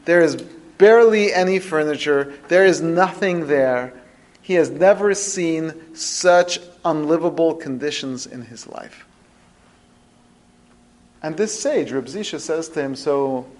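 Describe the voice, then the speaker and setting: A man teaching a religious lesson as a story, with a fairly high voice. His delivery swings in pitch and loudness for dramatic effect. He builds up to his points like a storyteller. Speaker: rabbi teaching a podcast lesson.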